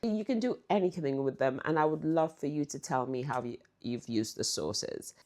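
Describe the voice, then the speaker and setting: A woman's voice: sits low, animated, normal speed, darkish tone. A middle-aged woman hosting her channel, telling stories in a chatty way and laughing often. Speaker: channel host. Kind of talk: casual storytelling.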